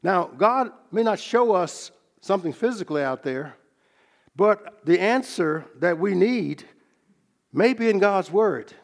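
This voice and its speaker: A man preaches a sermon, teaching from scripture in a measured, earnest manner and slowing down to stress key phrases. His voice sits high and is expressive.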